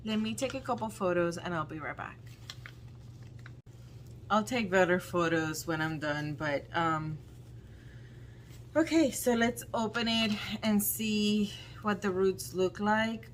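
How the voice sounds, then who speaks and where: A woman vlogger doing casual unboxing commentary, talking in a halting, dismayed way with frequent ums. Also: mid-range voice, a little hiss or hum. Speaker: plant vlogger.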